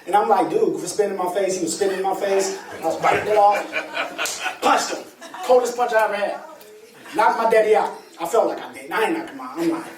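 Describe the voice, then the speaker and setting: A man speaking as a motivational speaker, telling a personal story to an audience in an animated, colloquial way with laughter. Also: sits high, a little fast, background noise. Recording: echoey room, distant mic, faint ambience.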